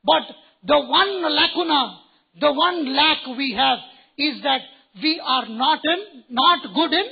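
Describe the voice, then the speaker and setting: A man's voice: very high-pitched, slow, gravelly, dull audio. A man with an Indian English accent, a native Kannada speaker, giving a playful, humorous motivational address to new students and quizzing the audience. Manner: playful, teasing, questions the audience.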